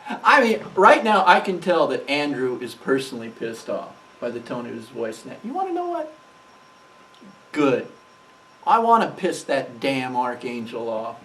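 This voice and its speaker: A man's voice: medium pitch, sing-song, normal speed, pushed and bright, far from the mic, rough recording. A man co-hosting a reaction show, speaking in a defiant way with the emphasis of a preacher. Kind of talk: casual commentary reacting to a sermon.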